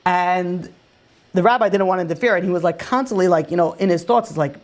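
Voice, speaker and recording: A male rabbi tells a story casually in a high, fast voice, peppering it with fillers like "you know" and "like."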